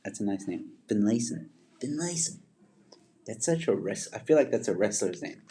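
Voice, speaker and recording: A man from Zimbabwe hosts a casual livestream, reading viewer comments and greeting people by name. His voice is fairly low and warm, animated and fairly quick, and he rambles with many fillers and restarts.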